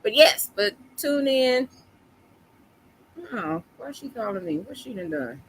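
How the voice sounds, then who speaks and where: A woman's voice: fairly high pitch, sing-song, slow, husky. A young adult woman, hosting a casual podcast and teasing in an exasperated way. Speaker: podcast host. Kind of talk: casual chat.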